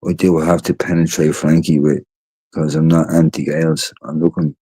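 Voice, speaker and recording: A man's voice: very deep voice, little pitch movement, moderate pace, mellow, slightly rough. A tired Irish man chatting casually on a livestream, rambling and swearing freely. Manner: rambling and profane. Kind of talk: casual chat.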